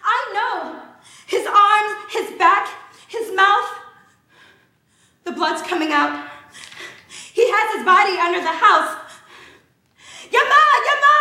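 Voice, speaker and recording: A woman's voice: very high-pitched, sharp tone, heavily acted. An actress voicing an anguished young woman who is haunted by her dying brother and cries out in frantic bursts, in a live staged play reading. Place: theatre stage before an audience. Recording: echoey live auditorium recording.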